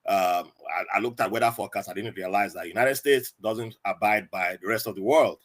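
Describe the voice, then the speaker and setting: A man's voice: fairly low pitch, fairly quick. A man, telling stories in a casual podcast chat. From Nigeria. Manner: animated, acts out quoted voices. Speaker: podcast guest.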